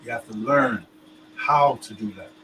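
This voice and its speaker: A man's voice: medium pitch, unhurried, fairly bright tone, low-quality recording. Man in casual chat, talks loosely, lots of fillers and "you understand?", faint background hum. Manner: loose, filler-heavy explaining, keeps checking "you understand me?".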